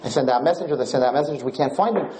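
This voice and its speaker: A man's voice: mid-range voice, racing, darkish tone, reverberant, slight background noise, lightly acted. A man voicing a grieving king who pleads emotionally with his lost son. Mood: pleading.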